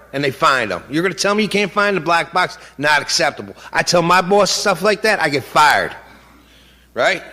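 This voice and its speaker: A man's voice: on the high side, expressive, normal speed, pushed and bright. A middle-aged man giving an impassioned public speech as a grieving father, blunt and emotional, full of rhetorical questions. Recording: long hall reverb.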